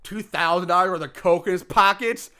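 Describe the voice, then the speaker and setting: Brief: male podcast co-host, high and bright-toned, ranting about a movie, swears a lot, fed up. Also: fairly quick, clear, resonant tone. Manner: exasperated, profane ranting. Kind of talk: casual chat.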